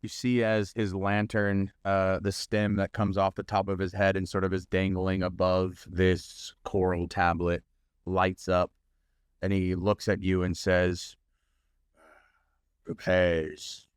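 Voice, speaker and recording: Deep-voiced, unhurried game master man. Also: completely flat delivery, smooth, dry recording. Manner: unhurried, hesitant with fillers. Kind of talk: narrating a tabletop game.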